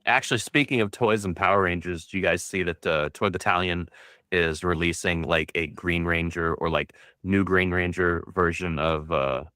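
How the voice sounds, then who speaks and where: A man's voice: deep voice, steady tone, moderate pace, sharp tone, clear, resonant tone, dry recording, studio quality. A laid-back man in a casual pop culture chat, dropping wry one-liners. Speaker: podcast co-host.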